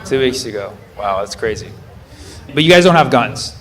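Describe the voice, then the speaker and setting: A man from the United States doing stand-up crowd work, questioning the audience in a quick, playful way. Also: medium pitch, lively intonation, a bit bright. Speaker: stand-up comedian. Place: comedy club with a live audience. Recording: live stage recording with crowd noise.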